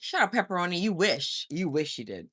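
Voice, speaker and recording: A woman's voice: on the low side, very animated, fairly quick, a bit bright, slightly rough. A woman hosting a casual livestream, chatting and teasing as she reads viewer comments, often laughing and singing short snippets. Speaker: livestream host. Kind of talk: casual live chat reading comments.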